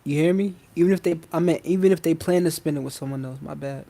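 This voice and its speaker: Hosting a self-help channel's live-stream masterclass, a man talks fast in a fairly high voice with vocal fry and a dark tone. His delivery is slangy, informal and emphatic; he repeats key phrases and checks in with his listeners.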